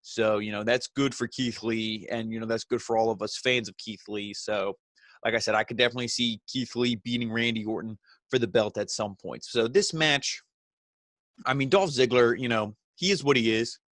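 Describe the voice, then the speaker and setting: A man giving a casual, rambling recap of a wrestling show, filling pauses with "you know" and acting out what people said. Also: medium pitch, a bit bright, dry recording, clean studio sound. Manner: rambling, lots of "you know", acts out quoted lines.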